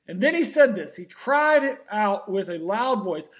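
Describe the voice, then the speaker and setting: A man preaching a sermon, earnest and searching, often restarting his words, swinging between loud emphatic cries and soft, slow passages. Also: high voice, very animated. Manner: frequent restarts and repeated words. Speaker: pastor.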